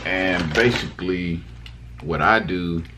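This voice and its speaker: Talking to camera in a casual mukbang vlog, this young man rambles loosely, filling his speech with fillers and restarts as he addresses viewers. His voice sits low and he speaks slowly, with background noise throughout.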